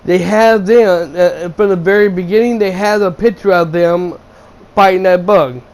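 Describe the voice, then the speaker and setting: A man's voice: high-pitched, fairly even intonation, moderate pace, low-quality recording. A young man hosting a video game channel, ranting through a blunt, profane, exasperated movie review.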